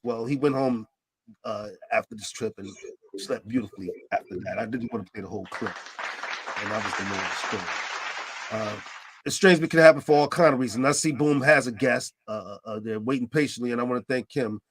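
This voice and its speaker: A man's voice: mid-range voice, slightly rough, no room sound, poor audio. A man hosting an online talk show, speaking hesitantly with many repeated words and restarts. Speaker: host.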